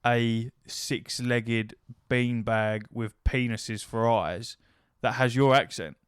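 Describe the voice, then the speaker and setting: Man, podcast co-host, teasing casual chat, smooth resonant voice, middle pitch. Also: steady tone, slow, no room sound, studio quality.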